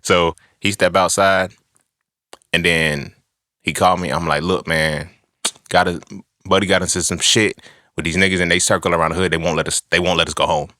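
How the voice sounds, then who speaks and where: A young podcast host with a deep voice tells a personal story in a brisk, casual, profane monologue, animatedly acting out what people said. The recording is studio quality with no room sound.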